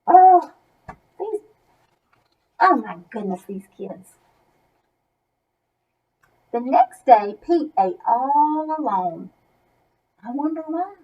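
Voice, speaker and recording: A woman's voice: high-pitched, sing-song, extremely slow, pauses often, muffled recording. A woman reading a children's story aloud, breaking off for chatty asides to young listeners. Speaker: masked reader.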